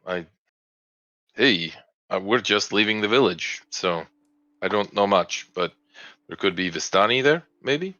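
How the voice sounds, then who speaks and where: A hesitant young nobleman, voiced by a man running the game, stammers and hedges in a tabletop game. The voice is low and bright, close and dry, on a dull lo-fi mic. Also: animated, a little slow, long pauses, no echo. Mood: unsure. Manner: stammering, unsure.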